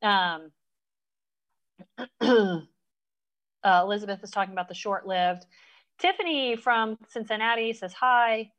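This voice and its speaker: A woman hosting a live online chat, talking in an earnest, halting way with many fillers. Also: mid-range voice, a bit bright. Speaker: host. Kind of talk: casual live-stream chat.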